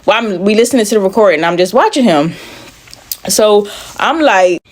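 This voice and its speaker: A woman truck driver telling her own story in casual chat. She is blunt and profane, acts out the dialogue, and pauses to catch her breath. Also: mid-range voice, expressive.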